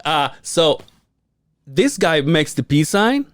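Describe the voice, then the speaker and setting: A man's voice: a little high, slow, no room sound, studio quality. A man telling stories in casual podcast chat, swearing and laughing often. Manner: animated storyteller, swears and laughs a lot. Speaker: podcast co-host.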